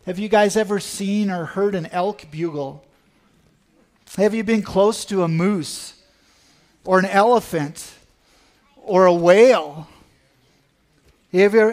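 Earnest, high-voiced male church speaker. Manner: earnest, animated, leads the congregation in an exercise. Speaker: church speaker sharing a mission trip. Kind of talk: sermon.

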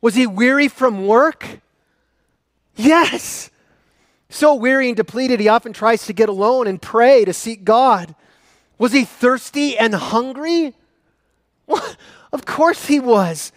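A man preaching a sermon as a pastor, swinging between loud, raised questions and soft, low passages. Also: slow pace, pauses often, no echo, studio quality.

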